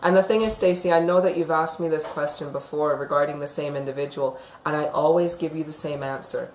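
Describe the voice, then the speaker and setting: A woman's voice: low-pitched, fairly even intonation, fairly quick, a little hiss or hum. A woman giving psychic readings on a live stream, chatty and emphatic, sometimes ranting. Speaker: psychic reader. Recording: echoey room.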